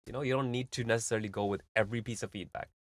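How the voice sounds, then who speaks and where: A man with a low-pitched voice talks through music feedback on a live stream, loose and rambling with plenty of fillers. He explains his points through analogies. The sound is dry and close, with no room around it. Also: fairly even intonation, racing, no room sound. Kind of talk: casual live-stream commentary.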